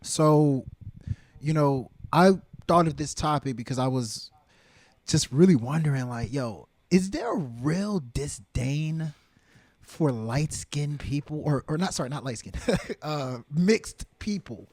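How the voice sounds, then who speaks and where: A man's voice: fairly high pitch, expressive, takes it slowly, darkish tone, no room sound. Laid-back man posing questions on a podcast. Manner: laid-back, poses questions, sarcastic jokes. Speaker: podcast co-host. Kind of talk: casual debate chat.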